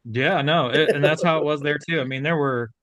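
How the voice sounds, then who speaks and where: A man telling a story in relaxed casual podcast chat, with many fillers. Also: on the high side, a little fast, no room sound. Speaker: podcast co-host.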